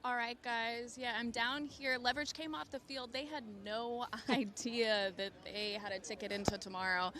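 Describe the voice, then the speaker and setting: A woman's voice: a little high, steady tone, moderate pace, hardly any pauses, background noise. Upbeat female sideline reporter.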